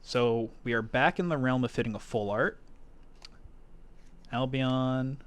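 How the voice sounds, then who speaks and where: A man chatting casually on a live stream while opening card packs, thinking aloud and breaking into quick excited exclamations. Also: mid-range voice, a little hiss or hum.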